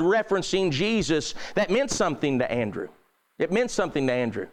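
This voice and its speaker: A man's voice: on the high side, sing-song, fairly quick. A man preaching a sermon, emphatic and repetitive, reading scripture aloud and stressing his points.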